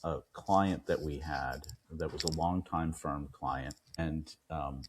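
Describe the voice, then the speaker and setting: A man, an attorney and podcast guest, telling a client story with lively quoted dialogue. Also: rumbling low, slow, noisy background. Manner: animated retelling, acts out quoted dialogue. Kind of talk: storytelling in an interview.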